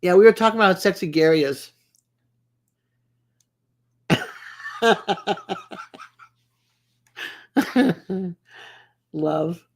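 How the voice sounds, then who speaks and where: Her voice is fairly low and husky, animated, with drawn-out words and long pauses. A livestream host broadcasting casually from home, she giggles and teases while chatting with her live viewers by name.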